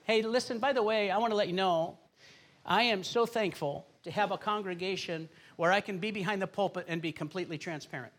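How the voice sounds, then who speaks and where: A man's voice: sits high, a little fast, fairly bright tone, slight background noise. A middle-aged man preaching as a pastor in a church, moving from conversational teaching into earnest, fervent prayer. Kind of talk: sermon and congregational prayer. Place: church sanctuary.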